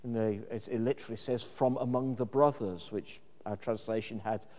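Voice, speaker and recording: A man's voice: medium pitch, fairly even intonation, moderate pace, darkish tone, in a large hall. A man preaching a sermon in a thoughtful, conversational way, with occasional fillers.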